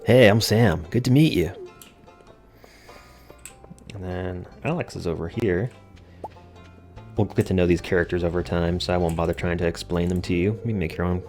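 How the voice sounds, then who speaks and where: Deep-voiced male let's play host, casual and jokey, faint music under him. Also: steady tone, fairly quick, a little mellow. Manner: jokey, self-deprecating asides. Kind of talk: casual gameplay commentary.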